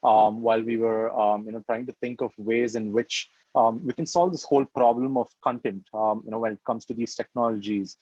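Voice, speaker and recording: Soft-spoken Indian man on a dull call. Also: medium pitch, steady tone, fairly quick, hardly any pauses, no room sound. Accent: Indian English. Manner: soft-spoken, frequent ums. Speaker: guest speaker. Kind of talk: webinar presentation. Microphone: video call. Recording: dull, dry video call audio.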